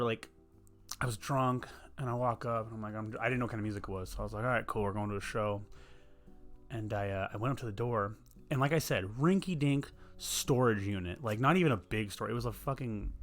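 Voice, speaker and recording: A man's voice: medium pitch, fairly quick, fairly bright tone, faint music behind. A young man, telling a rambling, profane story in a casual podcast chat. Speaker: podcast host.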